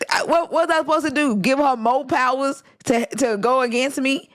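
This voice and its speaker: A woman's voice: sits high, normal speed, few pauses. A woman hosting a casual livestream chat, blunt and exasperated, swearing freely and drawling slang. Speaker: livestream host.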